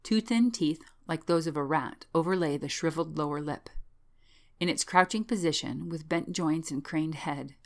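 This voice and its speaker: Low-voiced woman narrating a tale. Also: moderate pace. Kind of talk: scripted narration.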